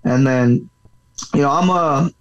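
A man who fights for a living and teaches boxing, telling a story in a loose, rambling interview. He swears freely and keeps reaching for filler words as he talks. His voice sits a little higher than most men's. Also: slow, muffled recording. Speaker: professional fighter and boxing coach.

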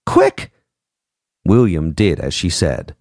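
A man narrating an audiobook in a measured, expressive way, voicing each character. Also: deep voice, dry recording, studio quality.

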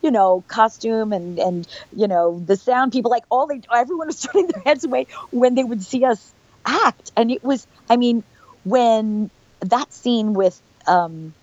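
A woman's voice: on the high side, measured pace, darkish tone, dry recording, highs cut off. A middle-aged woman, an actress being interviewed, chatting in a bubbly, rambling way and laughing often. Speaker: actress guest. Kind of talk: casual interview chat.

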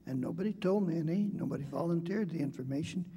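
Older male debater, husky and slightly high-pitched, measured storyteller with many pauses. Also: warm tone, in a large hall. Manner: measured, hesitant, with frequent pauses and fillers. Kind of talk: debate speech with personal storytelling.

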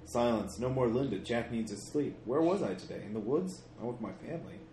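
A man's voice: mid-range voice, lively intonation, fairly quick, warm tone, lightly acted. A man reading aloud a note in the voice of a grief-mad middle-aged father, haunted and guilty, in broken, fragmented phrases. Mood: distraught. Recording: echoey room with faint noise.

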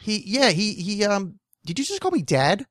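A man in his thirties with a slightly raised, strained voice that is going hoarse, talking loosely and swearing as he hosts a podcast. He rambles and laughs between points. The sound is close and dry, with no room around it. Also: sits high, sing-song, normal speed, a bit bright, no room sound. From New Jersey. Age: 30s. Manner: rambling, profane, laughs often. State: losing his voice. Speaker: podcast host. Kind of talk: casual podcast chat.

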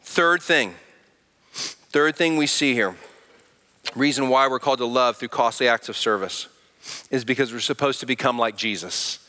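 A man's voice: mid-range voice, normal speed, long pauses, pushed and bright. Man preaching in a reverberant hall. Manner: earnest, conversational preaching with direct questions to the congregation; says he sounds angry but is not. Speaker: pastor. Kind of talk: sermon.

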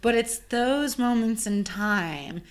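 A woman caterer chatting casually and telling an animated story, full of "like" fillers. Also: on the high side, takes it slowly. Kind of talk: casual chat.

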